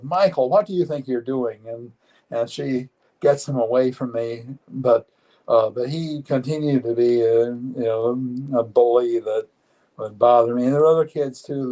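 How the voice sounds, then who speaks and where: Mellow-voiced man in his seventies, halting. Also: mid-range voice, rough recording. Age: 70s. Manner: earnest, matter-of-fact, halting with frequent restarts. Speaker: interview guest. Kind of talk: live-streamed personal interview.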